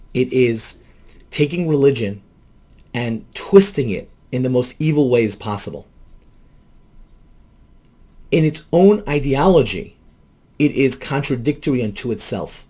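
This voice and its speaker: A man's voice: mid-range voice, animated, measured pace, pauses often, darkish tone, husky. Emphatic man giving spoken commentary. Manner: emphatic, rhetorical, repeats key phrases. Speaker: counselor.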